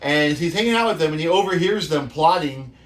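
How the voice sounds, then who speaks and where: Speaking a little high and fairly quickly, this animated Bay Area man in his fifties hosts a show, rambling through profane, laugh-filled stories in a casual storytelling monologue.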